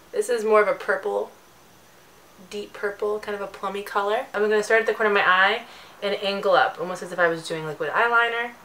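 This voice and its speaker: A woman's voice: mid-range voice, a bit bright, a little hiss or hum, poor audio. A young woman giving a chatty, jokey makeup tutorial as a beauty vlogger.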